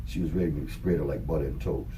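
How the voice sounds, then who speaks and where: A man co-hosting a talk show, casually telling a story in an animated, profane way and acting out what people said. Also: a bass voice, quick pace. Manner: animated, profane, acts out quoted dialogue. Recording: distant mic with faint background noise.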